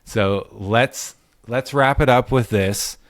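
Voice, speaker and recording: A man's voice: mid-range voice, slow, no echo, studio quality. A man hosting a casual podcast, telling stories in a chatty way and laughing often. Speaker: podcast host.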